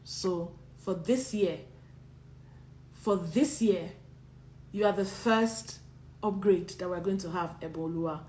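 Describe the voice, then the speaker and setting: A woman's voice: lowish voice, takes it slowly, pauses often, a little mellow. A woman, an acting coach giving spoken feedback to a student, emphatic and encouraging, and she repeats key words. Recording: clear background noise.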